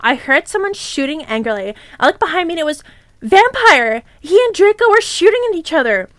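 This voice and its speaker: Woman streamer, reading fanfic aloud, deadpan, high voice, dry close sound. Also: fairly quick, dry recording. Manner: deadpan reading, breaking into laughs and asides.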